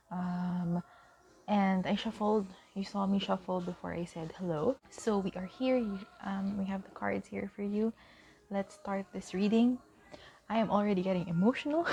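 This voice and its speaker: A young woman giving a pick-a-card tarot reading to camera, emotional and halting, with many pauses and fillers. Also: lowish voice, creaky, mellow.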